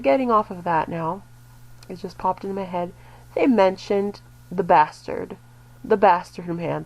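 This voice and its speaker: A woman's voice: mid-range voice, a little mellow, rough recording. A woman talking casually in a reaction vlog, rambling with many fillers and restarts and getting exasperated about online critics. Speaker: vlogger.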